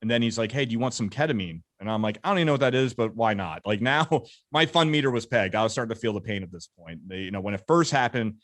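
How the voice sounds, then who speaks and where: Guy in his 30s rattling off war stories fast, lowish voice, dry close sound. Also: lively intonation, dry recording. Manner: brisk, vivid war storytelling with quoted dialogue. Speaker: interview guest, combat veteran. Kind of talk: casual storytelling interview.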